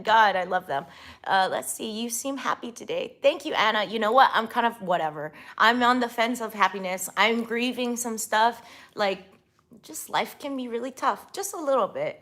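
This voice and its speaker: A woman's voice: medium pitch, a bit bright. A woman streamer chatting casually with her viewers and reading their comments, laughing often and trailing off mid-sentence. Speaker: live streamer. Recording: roomy echo with faint music.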